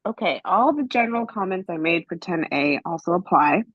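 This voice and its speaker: A woman's voice: on the low side, animated, fairly quick, dry recording. A woman giving an angry, pointed public comment by remote call at a council meeting. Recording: muffled remote call audio.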